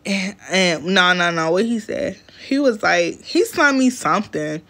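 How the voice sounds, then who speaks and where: A woman's voice: fairly low pitch, expressive, unhurried, fairly bright tone. A young woman vlogger telling a dating story to camera in casual chat, blunt and profane, laughing often.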